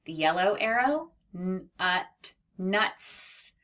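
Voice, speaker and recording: A woman teaching a children's phonics lesson, sounding out letters slowly and with exaggerated care. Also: medium pitch, expressive, fairly bright tone.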